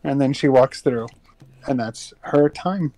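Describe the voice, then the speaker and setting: A man casually narrating his part in a tabletop game, with a halting delivery. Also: mid-range voice, mellow, no echo, low-quality recording.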